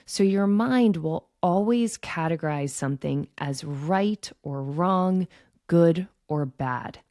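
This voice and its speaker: A woman hosting a podcast, calmly teaching in a gentle, reflective monologue that often checks in with "right?". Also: fairly low pitch, takes it slowly, no room sound, clean studio sound. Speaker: podcast host and intuition coach.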